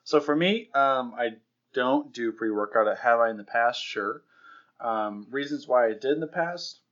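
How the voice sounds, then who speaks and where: A man's voice: mid-range voice, expressive, unhurried, a bit bright. Laid-back, blunt young man on a podcast. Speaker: podcast co-host. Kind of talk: casual podcast chat. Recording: dull lo-fi podcast audio.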